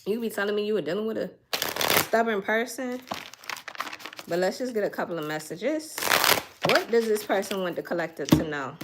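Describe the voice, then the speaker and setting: A woman's voice: mid-range voice, animated, a little fast, long pauses, heavy background noise. A woman, doing a casual tarot reading and chatting straight to her viewers in a folksy way. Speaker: tarot reader.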